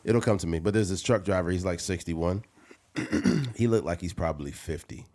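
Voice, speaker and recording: A man in his late thirties hosting a casual podcast chat, loud and profane, joking, his voice jumping up for punchlines. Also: sits low, moderate pace. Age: 30s. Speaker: podcast host.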